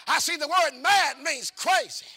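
A middle-aged man preaching a call-and-response sermon. He talks in a folksy, repetitive way, questions the congregation, and swings between hushed asides and fervent shouting. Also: extremely high pitch, unhurried.

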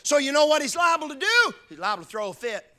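A man preaching a sermon, swinging between loud shouted emphasis and hushed, low passages. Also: big pitch swings, fast talker.

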